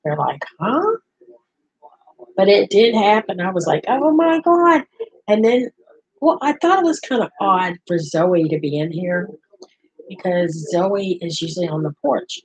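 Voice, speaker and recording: A woman's voice: lowish voice, lively intonation, moderate pace, a little mellow, breathy edge, rough recording. An older woman, a grandmother hosting a rambling, casual livestream chat with her viewers. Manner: chatty, rambling, talks to viewers and pets. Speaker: livestream host.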